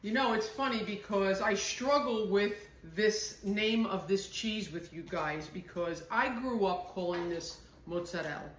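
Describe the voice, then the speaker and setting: A woman's voice: mid-range voice, unhurried, few pauses, echoey room. A middle-aged woman from northern New Jersey with a New Jersey accent, chatting homily while she makes a salad in her kitchen. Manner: chatty, homey, reminiscing. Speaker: home cooking host. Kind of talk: casual cooking demonstration.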